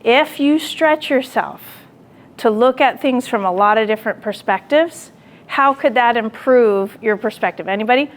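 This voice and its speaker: Woman lecturing with animated storytelling. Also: fairly high pitch, normal speed. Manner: animated storytelling, acting out her own quoted lines; asks the audience direct questions. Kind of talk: classroom lecture with personal story.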